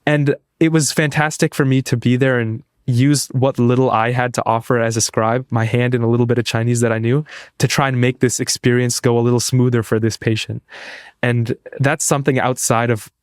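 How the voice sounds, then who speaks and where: A man's voice: medium pitch, level tone, brisk, clear, resonant tone, no echo, clean studio sound. A young man, a pre-med student, telling an earnest story as a podcast guest. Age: young adult. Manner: earnest, eager, restarts phrases. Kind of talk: casual interview storytelling.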